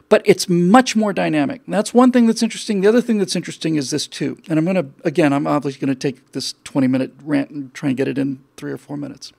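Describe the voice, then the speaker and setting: A man's voice: a little high, gravelly, a little mellow. A man from the United States hosting a show, giving a rambling, sardonic political commentary monologue. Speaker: show host.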